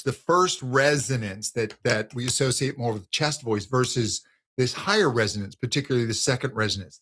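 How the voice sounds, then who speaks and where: A man's voice: medium pitch, a bit bright. A man teaching singing in a live question-and-answer session, explaining with restarts and breaking into sung exercises. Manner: thoughtful, restarts phrases.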